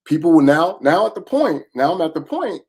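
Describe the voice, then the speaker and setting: Animated man telling a motivational story. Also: fairly high pitch, brisk, husky. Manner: animated, emphatic, repeats key phrases. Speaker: motivational speaker.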